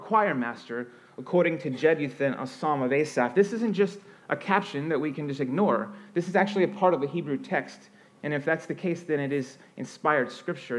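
A pastor with a slightly high voice preaches a sermon, earnest and expressive. His voice rises and falls for emphasis, and the flow is conversational, with frequent restarts.

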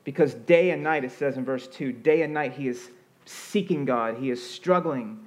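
A man preaching a sermon as pastor, earnest and expressive, rising and falling for emphasis, with a conversational flow and frequent restarts. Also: mid-range voice, moderate pace.

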